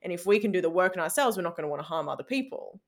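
A woman's voice: lowish voice, lively intonation, racing. A woman podcast guest who coaches shadow work coaches, talking candidly in a casual interview, with plenty of "like" and the odd swear word.

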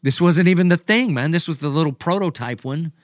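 A man's voice: fairly high pitch, brisk, no echo, studio quality. A man telling a story in a casual podcast chat, acting out what he and others said. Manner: animated storyteller, quotes himself and others. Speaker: pastor and podcast host.

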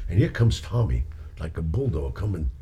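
A man's voice: deep voice, moderate pace, husky, lo-fi sound. A man, a singer, telling anecdotes in casual chat and acting out the voices of the people in them. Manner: animated storyteller acting out quoted voices. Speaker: guest storyteller; singer, performer.

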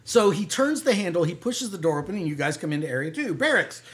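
A game master narrating a tabletop role-playing session in a lively, joking way, often breaking into laughter. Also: mid-range voice. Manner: lively, laughing, quick asides.

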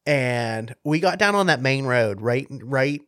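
Excited West Virginia man telling hunting stories. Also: mid-range voice, a little slow, no echo, studio quality. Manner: excited storytelling, laughs often. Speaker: podcast co-host. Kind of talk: casual storytelling chat.

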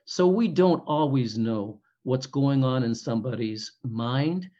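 Man, podcast host, unhurried measured speech, dull lo-fi sound. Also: medium pitch, expressive, warm tone. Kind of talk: conversational interview. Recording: slightly muffled, lo-fi audio.

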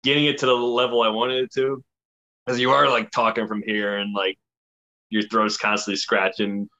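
A man's voice: fairly low pitch, little pitch movement, normal speed, pushed and bright, highs cut off. A man, an animator who voices his own cartoon characters, chatting casually and laughing often. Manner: laughs often, loose rambling delivery. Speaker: animator and voice actor. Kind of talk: casual chat.

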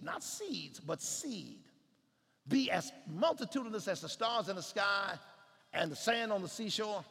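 A male preacher with a high, animated voice that leaps between soaring shouts and quiet, half-sung lines. His tone is bright and gravelly. The sound rings with the long reverb of a large hall. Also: moderate pace. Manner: preaching with sudden shouted climaxes and hushed passages. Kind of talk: sermon.

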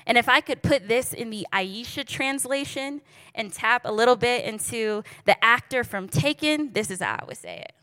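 Lively woman preaching, bright voice. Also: on the high side, normal speed, no room sound. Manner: lively, joking, addresses the audience directly. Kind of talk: casual storytelling sermon.

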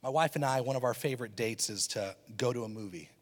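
A man preaching a sermon as a pastor, telling a personal story in an animated, humorous way. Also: mid-range voice, quick pace. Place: church auditorium. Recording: long reverb of a church hall.

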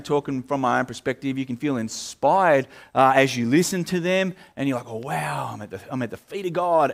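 A male pastor, preaching in a relaxed, conversational way, full of fillers and restarts. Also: medium pitch. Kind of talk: sermon.

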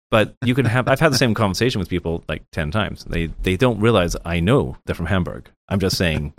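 Deep-voiced man telling jokey anecdotes. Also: animated, a little fast, no echo. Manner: chatty storyteller, joking anecdotes with restarts. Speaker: guest, financial professional with clients. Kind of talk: casual interview chat.

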